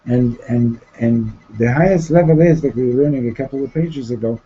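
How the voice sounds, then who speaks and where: Male teacher, mellow voice, storytelling lesson, stop-start delivery, muffled classroom recording. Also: medium pitch. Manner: halting, repeats words and restarts, asks "Okay? Right?".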